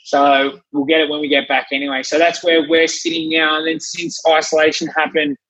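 A man with an Australian accent, a fitness trainer telling his story in a casual chat, animated and blunt, swearing freely. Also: on the high side, fairly quick, breathy edge, lo-fi sound. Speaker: fitness trainer and gym owner.

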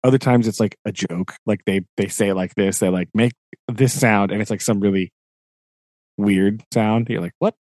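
A man's voice: lowish voice, steady tone, moderate pace, a little mellow, dry recording, studio quality. A man co-hosting a podcast in casual chat, rambling and tagging his points with "right?". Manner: chatty, peppers talk with "right?" and "like". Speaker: podcast co-host.

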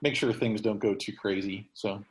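A man's voice: on the low side, fairly even intonation, moderate pace, echoey room, poor audio. A man hosting a podcast in casual chat, rambling with many fillers and restarts. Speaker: podcast host.

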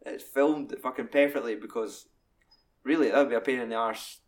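A man's voice: medium pitch, normal speed. Sweary Scottish man talking films. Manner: sweary, animated retelling with put-on voices. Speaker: podcast co-host. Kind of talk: casual film discussion.

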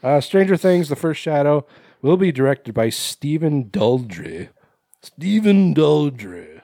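A man's voice: fairly high pitch, lively intonation, measured pace, dark tone, no echo. A man co-hosting a podcast, reading a news item aloud and stumbling and laughing through it between profane jokes. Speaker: podcast co-host. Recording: dry close mic.

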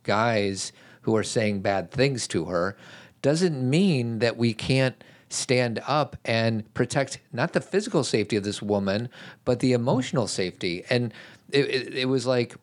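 A man co-hosting a talk show, speaking earnestly and slowing down on his key points. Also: medium pitch. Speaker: podcast co-host. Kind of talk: casual conversational chat.

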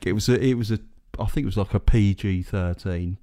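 A man's voice: lowish voice, fairly quick, mellow. A man co-hosting a casual podcast, rambling and correcting himself with a jokey tone. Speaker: podcast co-host. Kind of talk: casual chat.

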